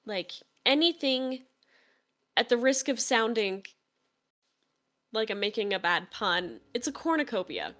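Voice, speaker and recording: A woman's voice: fairly high pitch, sing-song, unhurried, pauses often, fairly bright tone. A woman narrating a tabletop game as game master in a casual, chatty way. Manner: casual, chatty, with fillers and laughs.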